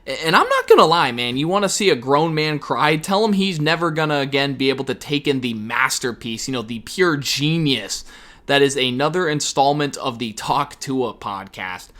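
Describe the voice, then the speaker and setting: A man's voice: medium pitch, normal speed. A man giving sarcastic, profane reaction commentary on an online clip. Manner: sarcastic, profane, animated asides. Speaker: commentary YouTuber.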